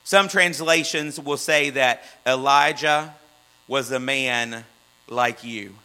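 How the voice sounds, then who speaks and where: A man preaching a sermon, swinging from loud fervent runs to hushed low asides. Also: takes it slowly, clear, resonant tone, low-quality recording.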